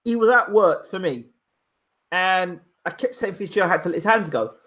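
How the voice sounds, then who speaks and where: A man's voice: sits high, expressive, normal speed, fairly bright tone. Opinionated man giving fight commentary. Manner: opinionated, emphatic, repeats his points. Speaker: boxing pundit and channel host. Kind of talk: casual live fight commentary. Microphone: home microphone, audio only.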